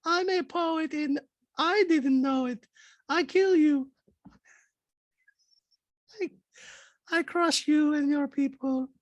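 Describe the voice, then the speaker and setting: A man putting on a haughty, high falsetto woman's voice, slow and cutting, for a comedic recap. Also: no room sound, lo-fi sound. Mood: haughty taunting. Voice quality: falsetto, drawn-out and mocking.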